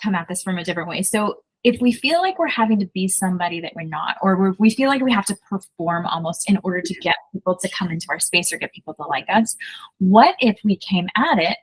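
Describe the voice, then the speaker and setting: A woman with a husky, expressive, mid-range voice talks fast on a roughly recorded podcast where she hosts as a business coach. She chats casually, enthusiastic and encouraging, with lots of "like" and "so."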